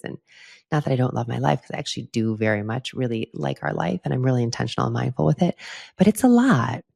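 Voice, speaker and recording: Candid midlife woman, very low gravelly voice. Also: lively intonation, a little fast, dark tone. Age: middle-aged. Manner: candid, chatty, laughs often, talks to listeners directly. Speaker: podcast host. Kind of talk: casual solo podcast chat.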